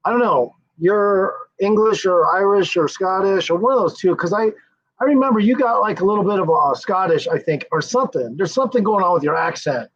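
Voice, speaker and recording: The voice sits high, fairly bright and expressive, and moves fairly quickly. He's an American livestream host who rambles casually, cusses, and chuckles a lot while addressing viewers over dull, lo-fi sound.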